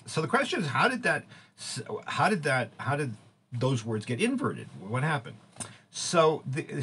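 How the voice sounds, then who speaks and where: A man giving an informal lecture, halting often with fillers and restarts as he explains. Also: fairly low pitch, husky. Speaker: teacher.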